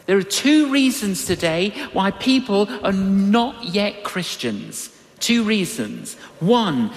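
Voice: medium pitch, slow pace. An older preacher giving a sermon and telling personal stories, acting out the people in the stories. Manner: animated, acts out quoted voices. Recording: long reverberant hall.

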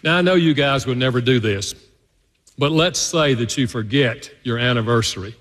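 Storytelling preacher in a reverberant hall. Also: male voice, normal speed, a bit bright. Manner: conversational storytelling preacher, swings up high for emphasis. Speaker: pastor. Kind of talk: sermon. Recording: long reverb of a large hall.

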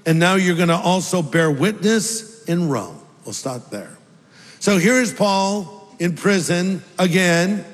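A man's voice: high voice, big-room sound. A man preaching a sermon as a pastor, conversational and humorous, acting out bits of dialogue.

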